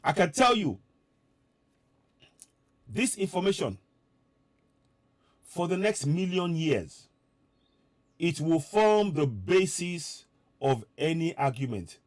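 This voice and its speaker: A man's voice: a little high, very animated, takes it slowly, long pauses, no room sound. A man giving a fervent live-streamed address to viewers abroad, repeating his points with preaching emphasis. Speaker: political commentator addressing diaspora viewers.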